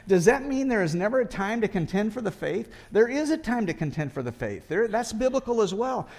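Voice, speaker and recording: Pastor, male, fairly high voice, relaxed talky preaching with restarts. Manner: conversational preaching with rhetorical questions. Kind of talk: sermon.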